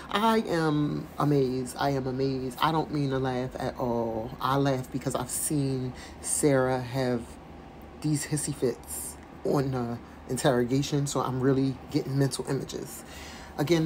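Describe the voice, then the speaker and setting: A woman's voice: low-pitched, darkish tone, a little hiss or hum, rough recording. A woman commentator reading a letter aloud and breaking off into chatty, exasperated asides. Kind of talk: casual commentary with dramatic reading.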